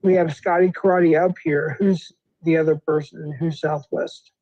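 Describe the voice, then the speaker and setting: High-voiced rambling streamer, lo-fi sound. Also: male voice, little pitch movement, a little mellow, no room sound. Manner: loose, rambling, quick to interrupt. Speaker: livestream host. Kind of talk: casual livestream chat.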